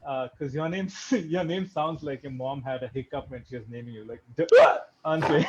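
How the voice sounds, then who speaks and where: A man's voice: mid-range voice, steady tone, brisk, a little mellow, highs cut off, a little hiss or hum. A young man from India doing a stand-up set online, with dry, self-deprecating jokes and chuckles. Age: young adult. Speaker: stand-up comedian.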